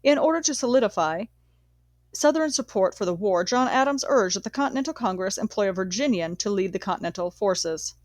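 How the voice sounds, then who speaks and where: A woman reading a nonfiction history book aloud in a measured, steady way, sometimes correcting herself. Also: mid-range voice, no echo. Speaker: audiobook reader.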